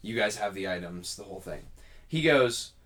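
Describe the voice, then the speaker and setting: A man's voice: on the low side, normal speed. A man co-hosting a podcast, casually telling a long story and acting out the other people's lines. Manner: animated storyteller acting out dialogue. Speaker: podcast co-host.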